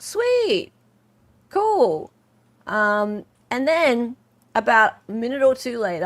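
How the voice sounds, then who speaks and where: A woman with an Australian accent hosting a casual livestream, chatty and lively as she reads out chat messages and posts. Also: medium pitch. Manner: chatty, animated, reads chat aloud with laughs. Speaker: livestream host.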